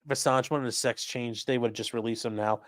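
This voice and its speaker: A man's voice: medium pitch, fairly even intonation, a little fast, dry recording, studio quality. A man hosting a crime news livestream, talking casually and bluntly, swearing now and then and reading viewer comments aloud. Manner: blunt, profane, reads chat aloud. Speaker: livestream host.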